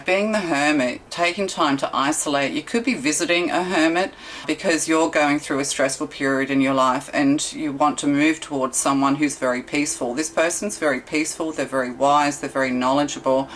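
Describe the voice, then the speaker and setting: A woman's voice: low voice, fairly bright tone, a little hiss or hum, rough recording. A woman reading tarot cards for her viewers, in a rambling, chatty way full of rhetorical questions and fillers. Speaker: tarot reader. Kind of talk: casual tarot reading monologue.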